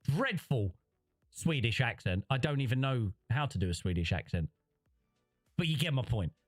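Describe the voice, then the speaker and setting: A man chats through a gaming livestream in a loose, rambling way, often restarting his sentences as he reads out chat. His pitch sits in a middle range for a man. Soft music plays faintly behind him. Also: expressive, moderate pace. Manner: rambling, conversational, frequent restarts. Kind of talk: livestream commentary, reading chat.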